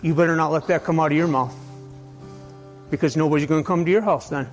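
A man preaching a sermon in a conversational, rambling way, asking his listeners question after question and swinging between loud and soft. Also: a little high, steady tone, fast, faint music behind. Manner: conversational, asks the audience many questions. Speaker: pastor.

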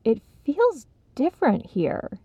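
A woman's voice: mid-range voice, lively intonation, gravelly, dry recording. A woman voicing an impatient, demanding young man in a storybook reading. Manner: brisk, frustrated. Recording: slightly dull, dry recording.

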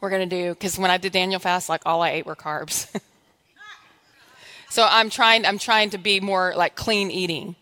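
A woman's voice: lowish voice, fairly even intonation, normal speed, bright, forceful tone. A woman pastor giving a conversational, humorous sermon in church, exhorting her congregation.

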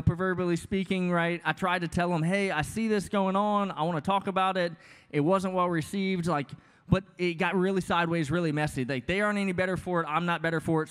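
A man in his thirties preaches in a loose, conversational way, slipping in jokes and asides as he goes. His voice sits a little high for a man. The sound rings with the long reverb of a large hall. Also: fairly bright tone, clean tone. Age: 30s. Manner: casual, joking, conversational preaching with many asides. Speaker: pastor. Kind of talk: sermon.

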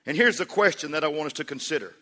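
A man with an American accent preaching a sermon with animated storytelling. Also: a little high, fast talker. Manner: animated storytelling, acting out voices.

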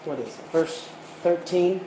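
A man's voice: on the high side, unhurried. A man preaching a sermon, reading old scripture aloud and retelling it as a plain story. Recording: echoey room with faint ambient noise.

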